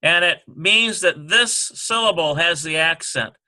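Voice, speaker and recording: Guy walking thru a lesson reeeally slow, kinda high voice, sounding stuff out bit by bit. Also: pushed and bright. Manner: slow and halting, sounding out syllables. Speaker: Hebrew teacher. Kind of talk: screen-recorded lesson walkthrough.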